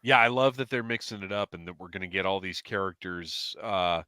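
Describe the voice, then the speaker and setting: A man's voice: low voice, brisk, pushed and bright, clean tone, no echo, clean studio sound. A man hosting a casual livestream podcast over a headset from home, chatting and reading out viewer comments. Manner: chatty, reads chat comments aloud. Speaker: podcast host.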